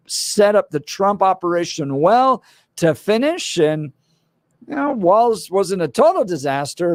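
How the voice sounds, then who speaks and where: A man hosting a morning talk radio show, opinionated and animated, with sarcastic asides. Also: high-pitched, no echo. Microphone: studio microphone.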